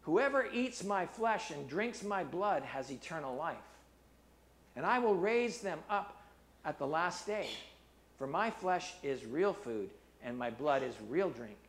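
A man preaching a sermon, reading scripture in a low, quiet voice and rising loud for emphasis. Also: animated, a little slow. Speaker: pastor.

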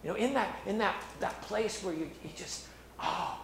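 A middle-aged man preaching with earnest conviction, stumbling and restarting as he goes. His voice sits a little high for a man. The room is echoey, with faint ambience behind him. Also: creaky, a bit bright, a little hiss or hum. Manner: earnest, halting with many restarts. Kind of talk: sermon.

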